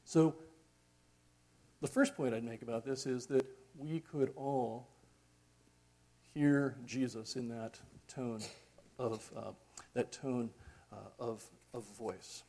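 A middle-aged man preaching a sermon in a reflective, conversational way, pausing often with fillers. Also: medium pitch, dark tone.

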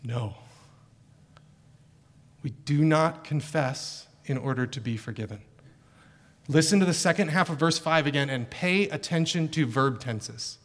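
A man's voice: fairly high pitch, measured pace. Earnest preacher man in a reverberant hall. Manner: earnest, emphatic preaching with rhetorical questions. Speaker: pastor. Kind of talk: sermon.

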